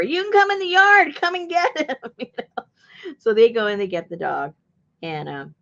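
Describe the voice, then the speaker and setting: A woman's voice: on the low side, vocal fry, dull audio. A woman chatting casually while she crafts. She tells a long rambling story, laughs often and acts out what people said. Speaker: junk journal crafter and channel host.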